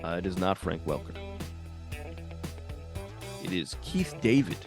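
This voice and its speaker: Gravelly joking man on a podcast. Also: low-pitched, expressive, unhurried, over music. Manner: joking, laughs often, swears. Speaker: podcast co-host. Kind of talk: casual chat.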